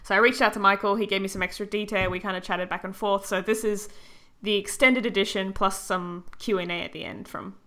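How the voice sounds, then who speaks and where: A woman's voice: mid-range voice, fairly even intonation, fairly quick, pushed and bright. Giggly woman, podcast co-host. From Australia. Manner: giggly, playful teasing. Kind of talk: casual chat.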